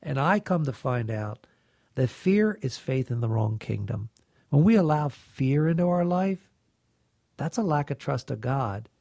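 A man's voice: medium pitch, lively intonation, unhurried, gravelly, darkish tone, no room sound, clean studio sound. A man earnestly sharing a faith reflection, telling a story with emphasis. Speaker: reflection participant.

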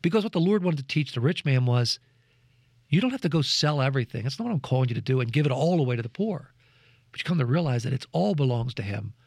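A man's voice: medium pitch, fast, dry recording, studio quality. A man sharing a reflection as a program co-host, telling a personal story in an earnest, preacherly way and acting out the voices of the people in it. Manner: lively storyteller who acts out quoted voices.

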